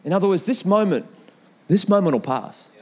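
A young man preaching a sermon in an animated way, with repeated calls to the congregation and storytelling asides. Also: sits high, moderate pace. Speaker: pastor.

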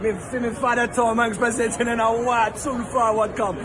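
A woman putting on a young male celebrity's son bragging in a fake Jamaican patois with loud dancehall-style shout-outs. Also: on the high side, level tone, normal speed, a crowd in the background, background noise, lightly acted. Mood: hyped.

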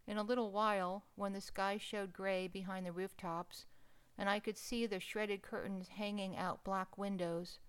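Woman narrator, mid-pitched and smooth-toned; expressive, emotional story reading.

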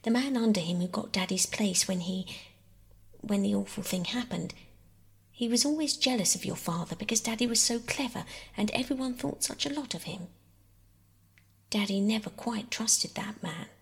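A woman's voice: mid-range voice, moderate pace, gravelly, slightly rough. A weary, tender mother, whispered by a woman. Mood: bitter, tender. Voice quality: soft whisper. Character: weary, tender mother, grieving but firm. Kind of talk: whispered role-play.

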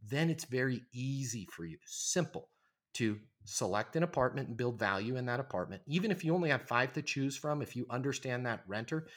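A man's voice: mid-range voice, lively intonation, a little fast, a bit bright. Emphatic persuasive man in his forties. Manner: emphatic, persuasive, frequent "right?" tag questions. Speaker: sales trainer guest. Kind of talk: conversational podcast interview.

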